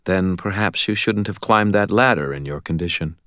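A man voicing a calm, sorrowful male archangel in an audiobook, speaking in a measured, quietly firm way. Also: low-pitched, dry recording, clean studio sound. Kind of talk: audiobook character voice.

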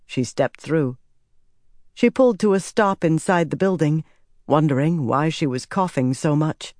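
A woman narrating an audiobook in a measured, expressive reading. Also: low-pitched, no echo, clean studio sound. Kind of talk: scripted narration.

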